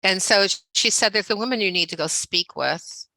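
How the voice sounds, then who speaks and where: An older woman telling a story as a podcast guest, chatty and animated, acting out what people said with lots of fillers. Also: medium pitch, fairly quick, gravelly, no echo, poor audio. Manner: chatty, animated, acts out quoted dialogue, many fillers. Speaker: guest author. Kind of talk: storytelling anecdote in a podcast interview.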